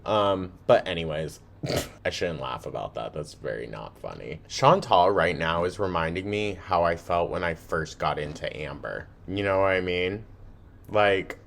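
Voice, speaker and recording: A man's voice: deep voice, unhurried, gravelly, a bit bright. A man hosting a reaction video, talking casually, swearing and laughing often as he comments.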